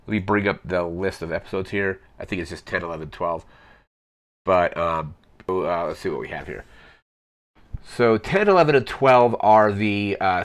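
A man hosting a retro show, recapping episodes in a casual, rambling way with many ums and self-corrections. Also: sits low. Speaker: podcast host.

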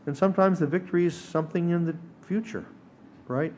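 A man's voice: fairly high pitch, fairly quick, darkish tone, a little hiss or hum. Guy preaching in a synagogue, earnest, pushes hard on the big points. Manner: earnest and emphatic, rising to exhortation. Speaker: teacher at a synagogue service. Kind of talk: sermon teaching. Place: synagogue sanctuary.

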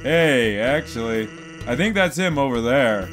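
A relaxed, joking skeleton voiced by a man, pitched low, drawling his words. Faint game music plays in the background. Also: unhurried. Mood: laid-back. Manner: low lazy drawl, some lines whispered. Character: lazy joking skeleton, male, laid-back.

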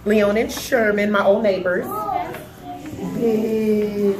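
At an indoor party, a thirties-aged woman opening her gifts as guest of honor chats casually, gushing and laughing a lot. She speaks in a mid-range voice, taking her time and pausing often while music plays in the background. The recording has room echo and heavy background noise.

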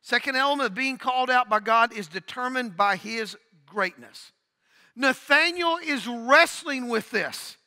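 A man's voice: extremely high pitch, expressive, unhurried, bright, forceful tone, big-room sound. A man preaching a sermon, telling stories with dialogue and building to emphatic calls. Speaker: pastor.

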